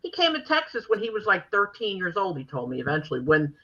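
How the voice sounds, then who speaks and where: An older woman hosting a podcast, telling stories in a brash, animated way and acting out the quotes in casual chat. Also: medium pitch, fast, muffled recording. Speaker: podcast host.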